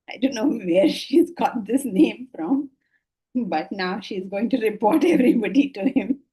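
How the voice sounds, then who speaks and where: An older woman with an Indian English accent giving a spiritual lecture on scripture, lively and full of rhetorical questions and laughter. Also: fairly low pitch, slightly rough, rough recording. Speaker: Vedanta teacher.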